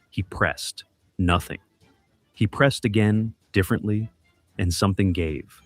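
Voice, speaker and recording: A man with a somewhat low voice narrates a scripted mystery. His delivery is measured and suspenseful. He builds tension through short, clipped phrases and deliberate pauses. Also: no echo.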